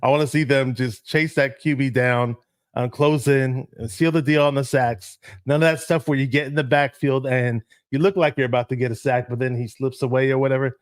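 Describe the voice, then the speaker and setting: A man co-hosting a fan show, speaking in a measured, laid-back way with frequent ums. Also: mid-range voice, fairly even intonation, dry recording, clean studio sound. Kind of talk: casual sports talk.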